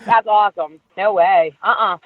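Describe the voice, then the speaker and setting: A woman guest in her thirties telling stories in a casual interview, animated and full of "like", acting out who said what. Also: mid-range voice, normal speed, dry recording. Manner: animated storyteller, acts out quoted dialogue, lots of "like". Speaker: guest, former reality show contestant. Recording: dry, tinny phone-like line.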